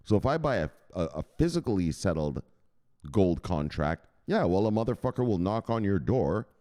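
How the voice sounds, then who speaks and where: A man hosting a crypto news show, explaining in a rambling, excitable way, often laughing and correcting himself. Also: sits low, moderate pace. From United States. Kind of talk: casual explainer monologue.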